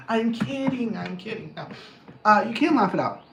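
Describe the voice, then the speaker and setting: A man's voice: sits high, very animated, moderate pace, vocal fry. A man coaching on anger in a casual, blunt monologue, swearing freely and joking at his own expense. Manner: blunt, profane, jokey, self-mocking. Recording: roomy echo, faint background noise.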